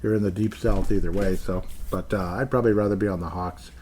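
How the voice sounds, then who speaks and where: A man's voice: sits low, fairly even intonation, quick pace, a little mellow, slight background noise. A man hosting a casual solo sports podcast, rambling through news with wry asides and frequent self-corrections. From Minnesota, USA. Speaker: podcast host.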